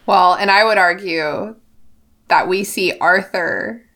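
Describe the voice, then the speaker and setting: Woman host, casual book podcast, lively, bursts into loud character voices, laughs a lot. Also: fairly low pitch, takes it slowly.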